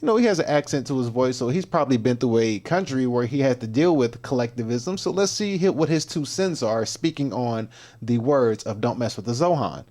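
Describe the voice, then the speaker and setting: A man's voice: medium pitch, expressive, fairly quick, darkish tone. A man hosts a casual livestream and talks in loose slang. He laughs often and repeats his phrases as he rambles through his points. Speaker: livestream host.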